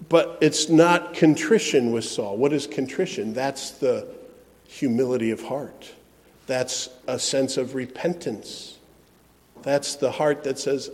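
A man preaching a sermon, shifting between soft, reflective passages and emphatic ones. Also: medium pitch, unhurried. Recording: long hall reverb.

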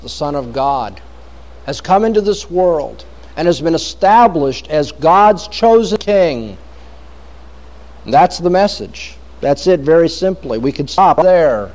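A man's voice: fairly high pitch, animated, unhurried, darkish tone. A man preaching a sermon, reading scripture aloud with dramatic emphasis. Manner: dramatic, varied emphasis, quotes scripture at length.

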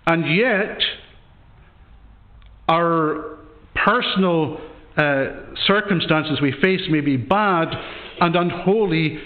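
Man preaching in church, kinda higher voice, earnest and questioning, tinny phone-like sound. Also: slow, pauses often. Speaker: pastor. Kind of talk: sermon.

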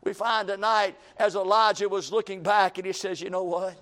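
A man's voice: sits high, flat delivery, moderate pace, a bit bright. A man preaching a sermon in church, acting out the despairing talk of ordinary people.

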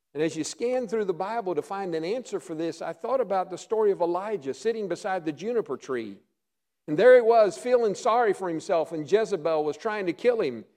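A middle-aged male pastor preaching a sermon, earnest, often dropping to a hush for emphasis. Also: high-pitched.

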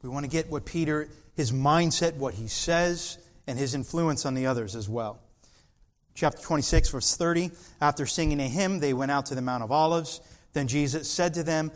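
A man's voice: fairly high pitch, moderate pace. A man preaching a sermon, reading scripture aloud and acting out Peter's insistent lines with rising emphasis.

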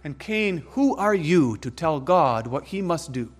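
Male preacher, slightly high voice, emphatic and dramatic sermon delivery. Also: lively intonation, husky, long reverb tail. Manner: emphatic, dramatic, swings between slow stresses and quick asides.

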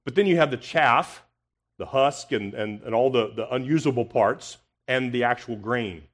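Speaking at a normal speed in a medium pitch, this male preacher delivers a confrontational expository sermon. He poses rhetorical questions and shifts from booming emphasis down to near-whispers.

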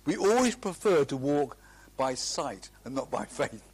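A man's voice: mid-range voice, sing-song, unhurried, husky. A middle-aged man preaching a sermon, earnest and emphatic, drawing out key phrases and often restarting.

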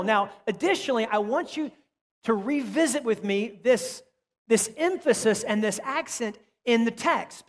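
A man with a high voice preaches a sermon, stressing and repeating key phrases and then sinking to quiet asides. His voice rings with a long reverb, as in a church sanctuary. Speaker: pastor.

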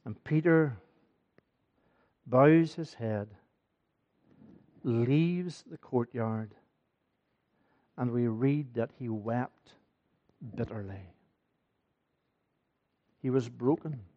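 A man's voice: mid-range voice, drawn-out words, pauses often, dull audio. A man preaching a sermon in a church, earnest and building in force, often repeating his phrases. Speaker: pastor.

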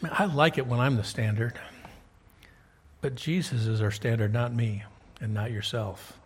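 A man's voice: medium pitch, normal speed, breathy edge. A man preaching a sermon as pastor, folksy and conversational, asking his listeners rhetorical questions.

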